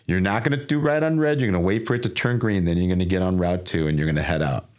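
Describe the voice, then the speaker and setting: A man's voice: low voice, lightly acted. A man doing a coaxing inner whisper. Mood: instructing. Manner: slow, coaxing, partly whispered. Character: man's tempting inner alcoholic voice, coaxing.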